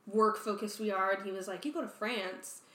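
Podcast co-host, young woman, animated storyteller, echoey room. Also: mid-range voice, a little fast. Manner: animated, acts out quoted conversations. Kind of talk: casual chat. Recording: roomy echo.

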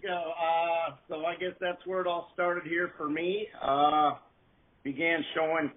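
A man's voice: a little high, flat delivery, slight background noise. A man in his fifties from southern Wisconsin, answering interview questions in a hesitant way, filled with "uh"s. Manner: slow, hesitant, many "uh"s. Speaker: guest. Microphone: phone. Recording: tinny phone line.

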